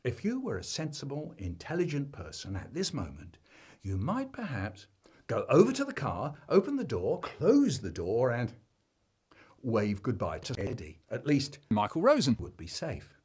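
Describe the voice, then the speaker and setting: A man telling a comic family story, acting out the children's shouts in an animated way. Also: medium pitch, moderate pace, husky.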